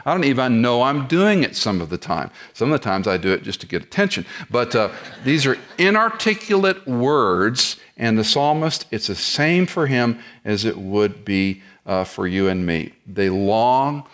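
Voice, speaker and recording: A man's voice: medium pitch, sing-song, unhurried, few pauses, fairly bright tone. A middle-aged man preaching an expository sermon, explaining the text verse by verse and posing rhetorical questions as he teaches. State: lives with chronic back pain. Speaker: pastor.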